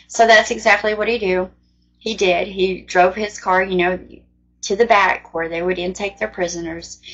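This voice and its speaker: A woman's voice: medium pitch, a bit bright. Earnest woman telling her story, lo-fi. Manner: earnest, plain-spoken, rambling recollection. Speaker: mother sharing her faith testimony. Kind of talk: casual personal storytelling.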